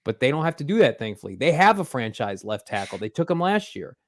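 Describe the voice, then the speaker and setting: A man's voice: mid-range voice, big pitch swings, quick pace, a bit bright. A man hosting a sports podcast, giving opinions in a punchy, emphatic casual chat from a studio. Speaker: podcast host.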